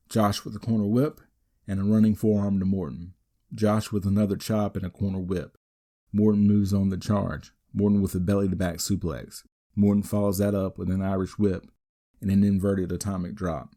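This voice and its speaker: A man hosting a wrestling podcast, giving a steady, matter-of-fact play-by-play recap with the odd dry aside. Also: low-pitched, normal speed. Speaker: podcast host.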